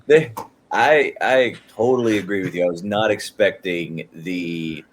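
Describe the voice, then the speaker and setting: A man's voice: low voice, measured pace, slight background noise. A man co-hosting a podcast, rambling casually about a film with restarts. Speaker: podcast co-host. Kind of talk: casual movie review chat.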